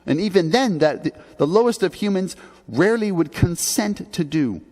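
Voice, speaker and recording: A man's voice: high voice, lively intonation, normal speed, darkish tone, faint music behind. Preaching man in a reverberant church. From Canada. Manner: earnest, conversational preaching with emphatic rises. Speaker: pastor. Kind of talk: sermon. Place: church sanctuary.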